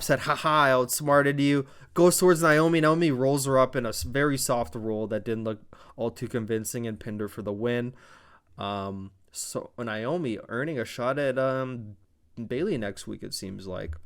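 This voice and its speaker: A man from Canada recapping a wrestling show in a casual vlog, telling it excitably with lots of swearing and fillers. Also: on the high side, smooth.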